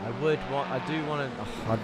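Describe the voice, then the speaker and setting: Brief: man, race caster for online sim racing, chatty and excitable, mid-pitched, loud car engine noise running under the voice. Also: fairly quick. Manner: chatty, excitable, reads out viewer chat. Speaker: race commentator and host. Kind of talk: live sim racing commentary.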